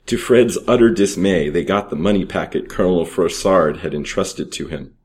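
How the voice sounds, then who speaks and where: A man reading aloud an old adventure story and period advertisements in a steady, measured way. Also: low voice. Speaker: reader.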